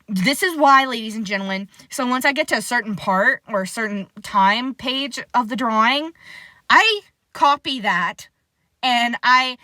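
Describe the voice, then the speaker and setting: Young woman art vlogger, excitable and rambling, crisp bright tone, dry close sound. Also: medium pitch, no room sound. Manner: chatty, excitable, self-deprecating, rambling. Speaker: art channel host. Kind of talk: casual speedpaint commentary.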